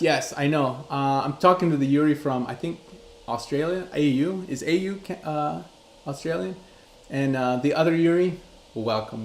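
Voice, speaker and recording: Running a live crypto chart tutorial, a man with a slightly high voice and vocal fry reads the chat aloud. He walks through the charts in a loose, conversational manner, and the audio has a roomy echo.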